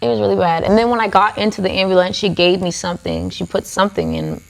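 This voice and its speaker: Woman on a podcast telling a story, kinda gravelly fry, chatty, says like a lot, sitting in a tattoo studio. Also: mid-range voice, animated, fast. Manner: chatty, filler-heavy with frequent "like". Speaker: podcast guest. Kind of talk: casual storytelling.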